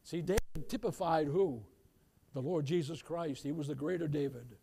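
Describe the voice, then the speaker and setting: A man preaching a sermon as pastor, reading scripture slowly and rising to loud calls for amen. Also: on the high side, creaky, husky. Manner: reads scripture slowly in King James wording; jokes with the congregation and laughs.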